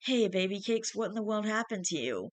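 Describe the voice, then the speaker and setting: A woman's voice: medium pitch, big pitch swings, brisk, dry recording, voice pushed up, natural voice. A woman voicing a sassy female house cat who talks with a folksy southern drawl and calls people honey.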